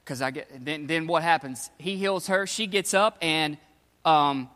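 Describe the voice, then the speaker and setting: A man's voice: fairly high pitch, unhurried, pushed and bright, long reverb tail. A man preaching a sermon, retelling scripture in casual, slangy storytelling. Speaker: pastor.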